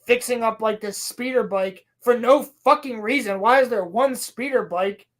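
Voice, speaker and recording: A woman on a casual podcast, ranting profanely and exasperatedly about a show she is recapping. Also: on the high side. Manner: profane, exasperated ranting with quick acted quotes. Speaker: podcast co-host.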